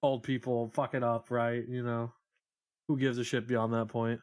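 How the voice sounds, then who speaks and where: A man's voice: medium pitch, little pitch movement, normal speed, a little mellow. A man live-streaming a video game, chatting casually with viewers in a profane, rambling, joking way.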